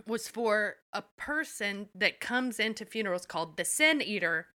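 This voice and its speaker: Bright-voiced woman animatedly recapping. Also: medium pitch, moderate pace, dry recording, clean studio sound. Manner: animated, profane storytelling. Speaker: podcast co-host. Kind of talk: casual episode recap.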